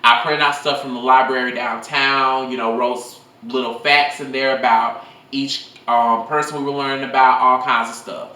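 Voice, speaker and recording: A man's voice: medium pitch, normal speed, reverberant, recorded from a distance. A young man telling school stories in a casual vlog, rambling and swearing freely into his phone. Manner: rambling, profane, animated storytelling.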